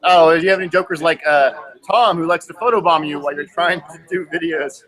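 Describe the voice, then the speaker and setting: A man's voice: on the high side, steady tone, fairly quick, fairly bright tone, poor audio. A man in casual chat as a guest, easygoing and asking questions. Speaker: guest, fellow podcaster.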